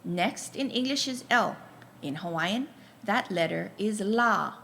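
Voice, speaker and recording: A woman's voice: medium pitch, expressive, slow, creaky, fairly bright tone, a little hiss or hum. A woman teaching a Hawaiian pronunciation lesson, patiently spelling out each letter and telling learners to write it down. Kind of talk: slow, deliberate language lesson.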